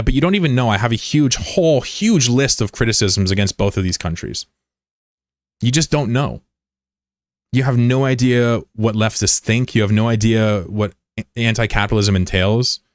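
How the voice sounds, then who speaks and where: This US livestreamer talks with a mid-range voice on a dry, studio-quality recording. Chatting casually with viewers, he's blunt and profane, swears a lot, and turns argumentative when answering critics in the chat.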